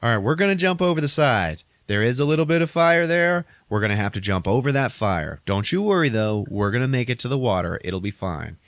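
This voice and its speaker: A man's voice: mid-range voice, animated, brisk, hardly any pauses, no echo, voice pushed up, natural voice. A man voicing a desperate, swearing male oil rig worker urging a woman to jump, in a comic movie retelling. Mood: coaxing. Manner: urgent, pushy, swearing.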